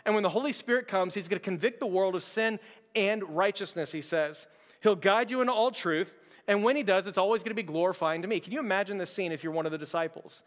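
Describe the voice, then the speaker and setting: A man's voice: sits high, quick pace. A man preaching a sermon as pastor, in a loose, conversational way full of fillers and restarts. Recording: long hall reverb.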